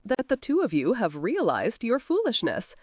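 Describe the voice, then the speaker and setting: A woman's voice: on the high side, wildly swooping pitch, moderate pace, a little mellow, breathy edge, no room sound, clean studio sound, pitched above the performer's own voice, exaggerated voice. A woman voicing a witty young noblewoman who talks in a sweetly sarcastic, mock-guilty way. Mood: sly teasing.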